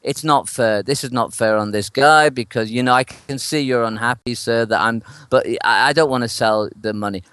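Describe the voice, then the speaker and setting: A man who works as a street performer tells an animated anecdote in an interview, acting out the voices of the people in it and laughing often. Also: medium pitch, moderate pace, few pauses, clear, resonant tone, no room sound, studio quality.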